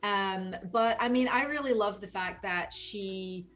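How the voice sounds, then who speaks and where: A woman's voice: mid-range voice, a little slow, fairly bright tone, soft background music. A woman from the United States, a voice actor, chatting casually in a rambling, talkative way. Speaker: game voice actor. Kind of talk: casual video chat.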